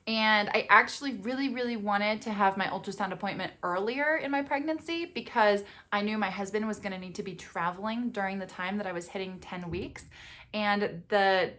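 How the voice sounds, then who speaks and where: A young adult woman vlogging about being a mother of twins, telling her story in a chatty, expressive way and laughing often. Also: medium pitch, normal speed. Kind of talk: casual vlog storytelling.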